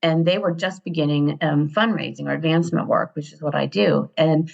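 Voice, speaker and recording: An American interview guest in her fifties from Ohio tells stories in a casual interview, her low voice husky with vocal fry and her pace brisk. She's an animated, digressive storyteller who laughs often, spinning lively, rambling anecdotes. The lo-fi recording sounds dull.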